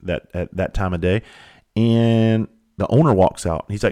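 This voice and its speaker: A comedian telling a personal story in a slightly low voice. He talks bluntly and casually, swearing freely as he goes. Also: expressive, normal speed, darkish tone. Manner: blunt, profane, conversational. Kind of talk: storytelling monologue.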